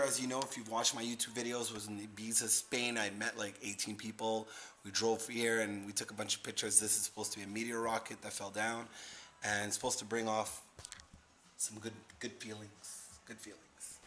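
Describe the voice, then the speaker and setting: Give me a man in a casual vlog, somewhat low and bright, rambling and repeating himself. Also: a little hiss or hum. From Canada. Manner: rambling, repeats words, relaxed. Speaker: host. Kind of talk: casual vlog showing travel photos.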